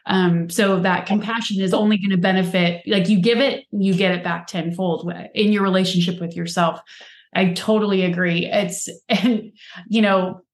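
A woman's voice: medium pitch, steady tone, normal speed. A woman co-hosting a casual chat, talking reflectively with many fillers. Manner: chatty, filler-heavy, reflective. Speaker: podcast co-host. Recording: roomy echo.

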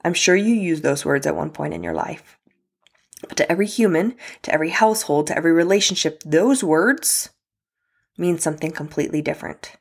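A woman's voice: deep voice, fairly quick, creaky, husky. A young adult woman hosting a solo podcast, talking candidly and casually about apologies and relationships, with fillers and the odd swear word. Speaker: podcast host.

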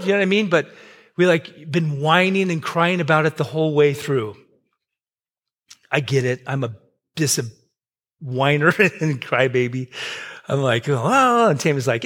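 A man in his fifties preaching a sermon as pastor, conversational, with joking asides, swinging between loud and soft. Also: sits high. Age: 50s.

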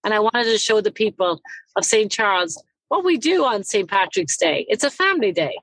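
An Irish woman with a mid-range voice talks in a lively, blunt way, swearing freely as she chats. The sound is dry, with no room around it. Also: mid-range voice, moderate pace, husky, no room sound, low-quality recording. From Ireland, County Cavan. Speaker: parade emcee and salon owner. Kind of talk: casual interview chat.

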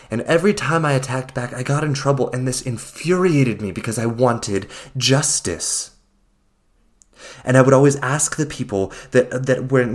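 Guy rambling heartfelt on his podcast, earnest, slow emphatic delivery, mid pitch. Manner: earnest, slow and emphatic, often addressing listeners as friends. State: getting emotional. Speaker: podcast host. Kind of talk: unscripted heartfelt monologue.

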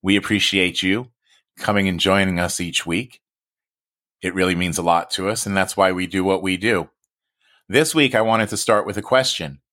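A man's voice: low-pitched, fairly even intonation, normal speed, a bit bright. A man hosting a podcast in a loose, chatty way, swearing casually. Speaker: podcast host.

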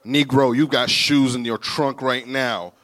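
A man's voice: medium pitch, a little slow, natural voice. A man doing a blunt, stern voice of God. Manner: blunt, deadpan commands. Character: the Lord, stern commanding male deity.

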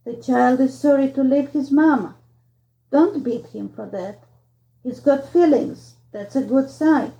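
Kind old travelling showman, low and soft-spoken, read by a woman, gravelly edge, dull lo-fi sound. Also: a little slow. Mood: kindly. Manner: gentle, reassuring. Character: kindly older male travelling showman.

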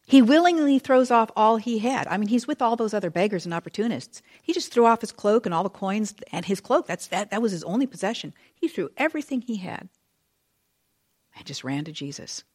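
Animated woman teaching a Bible study. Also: mid-range voice, fairly quick. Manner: chatty, conversational asides; expressive, animated retelling.

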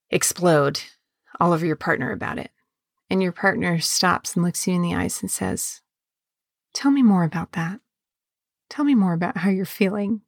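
Calm low-voiced woman coaching, dry mic. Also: vocal fry, dry recording. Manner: calm, measured, drawn-out emphasis on key words. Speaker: podcast host and embodiment coach. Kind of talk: podcast monologue.

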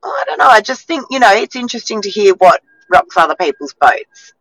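A woman co-hosting a casual chat, her voice husky and tired, chatty and laughing at herself. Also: medium pitch, very animated, fairly quick, a bit bright, rough recording. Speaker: co-host.

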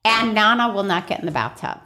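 A middle-aged woman co-hosting a podcast, telling stories in a lively, blunt way and swearing freely. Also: medium pitch, brisk. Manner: animated storyteller who swears freely. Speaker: podcast co-host and life coach. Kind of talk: casual chat.

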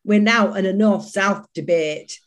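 A woman's voice: medium pitch, unhurried. Woman, northern english accent, blunt, indignant, comic panel judge.

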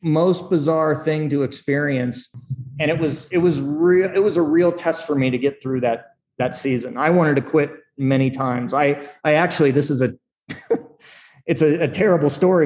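Animated storytelling man with a higher voice. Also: normal speed. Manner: animated storyteller, acts out quotes, laughs often. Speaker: screenwriter guest. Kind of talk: candid storytelling interview.

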